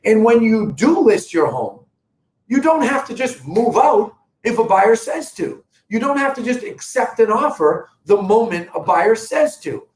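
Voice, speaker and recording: Man, real estate host, emphatic, fairly high voice, echoey room, faint rumble. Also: a little slow. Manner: energetic, emphatic and direct to viewers. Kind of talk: live-streamed market update.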